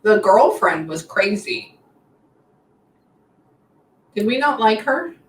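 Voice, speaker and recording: A woman working as a psychic medium, talking casually and often pausing to say hang on. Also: mid-range voice, expressive. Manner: chatty, keeps pausing to say hang on. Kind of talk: casual spoken reading session. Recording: echoey room, mic at a distance, faint noise.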